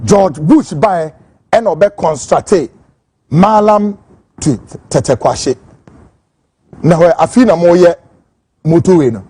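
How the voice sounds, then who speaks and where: A Ghanaian man delivering fiery political commentary as a host. His voice sits high and swings widely as he rants. The tone is mellow but husky, recorded close and dry. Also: animated, slow pace, long pauses, no echo. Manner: fiery, emphatic ranting; switches between Twi and English.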